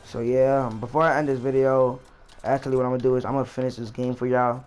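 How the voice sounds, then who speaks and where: A man's voice: medium pitch, little pitch movement, quick pace, darkish tone, slight background noise. A young man vlogger telling a rambling, slangy story as he plays a game. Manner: rambling, slangy, repeats himself. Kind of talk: casual storytime while gaming.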